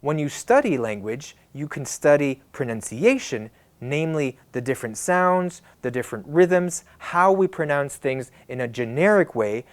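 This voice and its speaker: A man, an English fluency coach, explaining a lesson in a steady voice and posing questions as he goes. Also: fairly high pitch, normal speed, few pauses.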